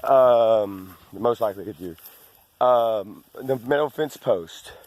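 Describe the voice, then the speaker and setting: A man from Arkansas vlogs while walking his countryside property, winded and meandering through many asides and false starts. He speaks slowly in a medium-pitched, slightly mellow voice.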